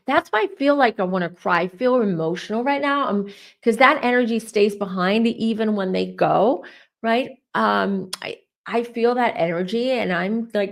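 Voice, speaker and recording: A middle-aged woman hosts a live tarot reading. She talks in a loose, rambling way and is openly emotional. Her voice sits in an ordinary middle pitch. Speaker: tarot reader.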